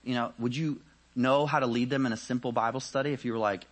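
A man preaching a sermon in a conversational way, often saying "you know", rising with energy and then dropping to quiet, searching questions. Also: medium pitch, steady tone, fairly quick, long pauses.

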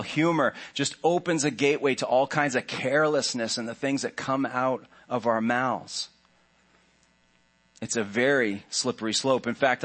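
A man's voice: medium pitch, a bit bright. Man preaching a casual sermon. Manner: conversational, joking asides to the congregation. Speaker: pastor. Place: church sanctuary.

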